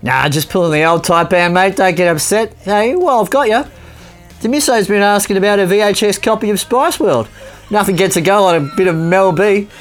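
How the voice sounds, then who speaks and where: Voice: medium pitch, a little fast, soft background music, voice pushed up, lightly acted. A podcast host putting on a cheeky, brash Australian bloke with a raised, singsong voice, reading out crude fan comments. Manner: brash, singsong, full of slang sign-offs.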